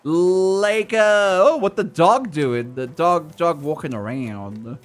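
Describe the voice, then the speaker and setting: A man streaming a game with casual commentary, reacting loudly and laughing while chatting with viewers. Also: on the high side, animated, takes it slowly.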